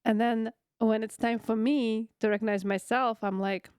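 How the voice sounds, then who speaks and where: A woman's voice: on the high side, steady tone, moderate pace, a little mellow, smooth, dry recording, studio quality. A woman co-hosting a casual podcast, open and emotional in her talk. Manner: emotional, laughing and tearful. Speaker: podcast co-host and author.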